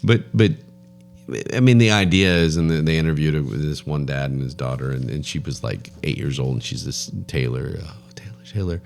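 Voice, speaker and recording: A man's voice: extremely low pitch, normal speed, creaky, slight background noise. A man co-hosting a podcast, talking in a joking, rambling way and often repeating his words. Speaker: podcast co-host. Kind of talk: casual chat.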